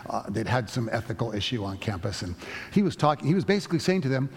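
A male pastor delivers a sermon in a loose, storytelling manner, often restarting his phrases. His voice is a bit husky. The sound carries the long reverb of a church sanctuary. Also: mid-range voice, big pitch swings, fast talker. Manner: storytelling, conversational with many restarts.

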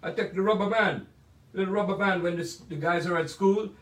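A man's voice: sits high, a bit bright. A man in his eighties from Jamaica with a Jamaican accent, telling playful, chatty stories about his life in music from his home music room. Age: 80s. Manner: chatty, playful, drawn-out asides. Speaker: musician sharing memories. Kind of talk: casual storytelling monologue. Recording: echoey room, mic at a distance.

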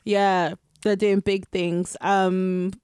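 A young woman, co-hosting a podcast in casual chat, animated and swearing freely as she talks over her co-host. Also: fairly low pitch, drawn-out words, smooth, no room sound, studio quality.

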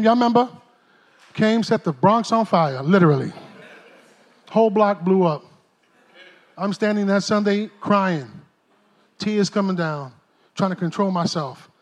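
A middle-aged pastor preaches in a very high voice for a man. His delivery is animated and streetwise, full of jokes and asides. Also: normal speed, pauses often. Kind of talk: sermon. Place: church stage.

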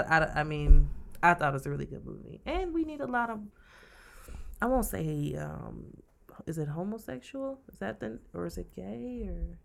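A woman with a low, gravelly voice chats casually as a podcast co-host. Her speech is slangy and relaxed, and she laughs and cuts in on her partner. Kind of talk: casual chat.

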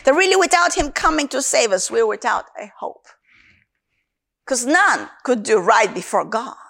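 A woman's voice: fairly high pitch, expressive, normal speed, vocal fry, a bit bright. A woman from Africa, a Christian minister, giving an earnest sermon with her personal testimony and repeating key phrases for emphasis.

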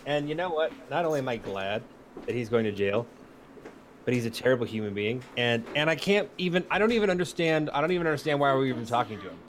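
A man's voice: mid-range voice, lively intonation, fast talker, slight background noise. Emphatic, profane man on a podcast call. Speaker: podcast co-host. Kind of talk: casual podcast chat. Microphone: video call.

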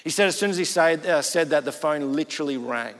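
A man's voice: fairly high pitch, fairly quick, fairly bright tone. Man preaching with a reverberant hall sound. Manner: storytelling, conversational, acts out quoted people. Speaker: pastor. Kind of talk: sermon.

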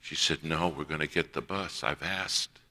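Male preacher, low and forceful, telling a story from the pulpit and playing each voice in it. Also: fairly even intonation, moderate pace. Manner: acts out quoted voices in a personal story. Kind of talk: sermon storytelling.

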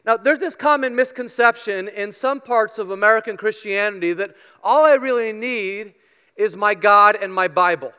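High, bright-voiced man preaching a sermon. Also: moderate pace, clear, resonant tone, big-room sound. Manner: earnest preaching with playful asides to the congregation; swings between emphatic loud lines and quiet soft ones. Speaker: pastor. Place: church sanctuary with congregation.

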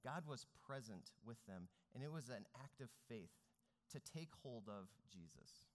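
A man's voice: mid-range voice, lively intonation, unhurried. A man preaching a sermon as pastor, speaking earnestly with rising and falling emphasis. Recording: long reverb of a large hall.

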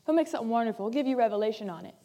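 A woman pastor preaching a sermon with emphasis, repeating key phrases and moving between loud and soft delivery. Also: on the high side, expressive, rapid-fire.

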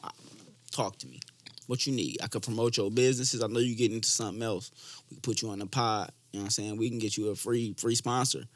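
A young man co-hosting a podcast, riffing with loud jokes and heavy swearing in casual chat. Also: fairly low pitch, fast, no room sound. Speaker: podcast co-host.

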